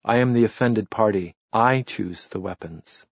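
Man doing a stiff bitter nobleman, low husky tone, dry flat sound. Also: a little slow, no room sound, lo-fi sound, full character voice. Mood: bitter anger. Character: proud angry young nobleman.

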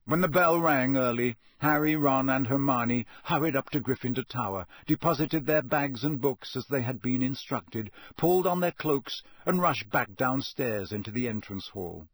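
Man, audiobook narrator, measured reading, mid pitch, dry close mic. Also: dry recording. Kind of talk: scripted narration.

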